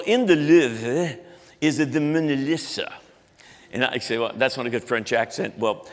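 A man's voice: medium pitch, a bit bright, long reverb tail. A man in his fifties preaching a sermon as pastor, in a loose, chatty way, often restarting his sentences. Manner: conversational, self-interrupting, frequent restarts.

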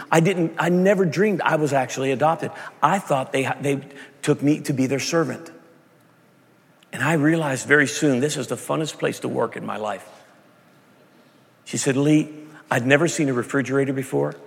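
Gravelly preacher in a reverberant hall. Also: male voice, medium pitch. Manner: storytelling, building to shouted passionate climaxes. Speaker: pastor. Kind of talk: sermon. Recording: long reverb of a large hall.

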